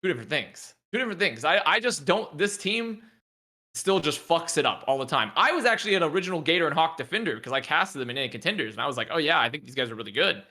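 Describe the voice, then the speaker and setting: Casual podcast co-host, male, higher voice with a lively, animated delivery. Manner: excitable, joking, quick to argue. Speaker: podcast co-host and esports caster. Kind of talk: casual esports podcast chat.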